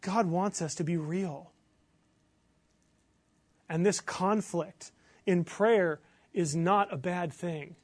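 A man preaching a sermon as pastor, earnest, building to emphatic bursts and then dropping low. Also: takes it slowly, long pauses, dry recording.

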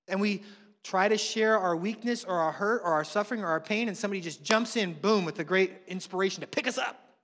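High-voiced man preaching in a hall. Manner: animated, acts out quoted voices. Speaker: pastor. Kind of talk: sermon. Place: church hall with congregation. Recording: long reverb of a large hall.

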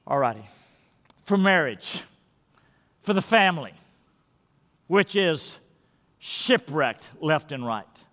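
High-voiced pastor preaching in a reverberant church. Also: male voice, animated, slow pace, long pauses. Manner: earnest, repeats key words, drops to a hush for emphasis. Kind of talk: sermon. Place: large church sanctuary. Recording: long hall reverb in a big church.

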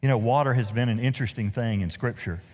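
A man's voice: mid-range voice, fast, long reverb tail. A man preaching a sermon as pastor, telling stories with humorous asides. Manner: animated storytelling with humorous asides. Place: church sanctuary.

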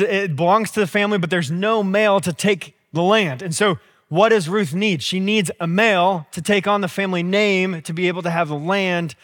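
High-voiced man preaching in a reverberant hall. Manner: conversational storytelling, animated asides. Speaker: pastor. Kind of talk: sermon.

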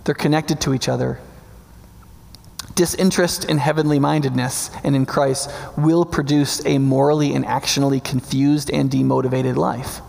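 A man's voice: medium pitch, level tone, moderate pace, gravelly, darkish tone. A male pastor preaching a sermon in a conversational teaching way, often checking in with his listeners with "right?". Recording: long hall reverb.

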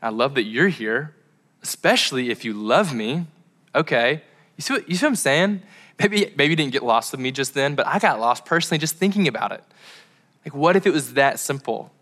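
Chatty bright-voiced young preacher man. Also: mid-range voice, animated, fairly quick. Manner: chatty and rambling, full of fillers and tangents. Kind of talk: casual sermon to a live crowd.

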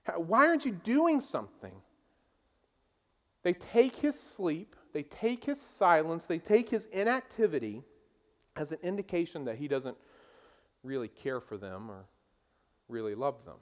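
A man's voice: fairly high pitch, expressive, a little slow. A pastor preaching a sermon, emphatic and conversational, asking his listeners rhetorical questions.

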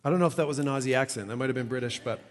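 A man preaching a sermon in a conversational, animated way, acting out the lines he quotes. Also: medium pitch, rapid-fire, in a large hall.

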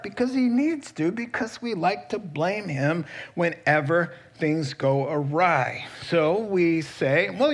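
Husky, unhurried male preacher. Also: a little high, a bit bright. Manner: conversational, teasing the congregation directly. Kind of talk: sermon.

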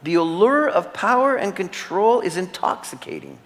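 Pitched high and swooping wildly up and down, a male pastor delivers an earnest sermon full of repeated phrases and heavy pauses. The recording carries a long, echoing hall tail.

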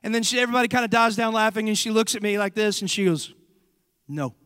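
A young adult man preaching a sermon as pastor, animated and emphatic, stretching words for stress. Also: sits high, very fast, smooth, no room sound, big-room sound. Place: church sanctuary.

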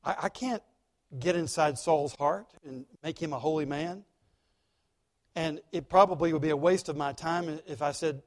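Male pastor, higher voice, dramatic sermon delivery with sharp emphasis. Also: moderate pace. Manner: emphatic, dramatic, swings between loud stress and quiet asides.

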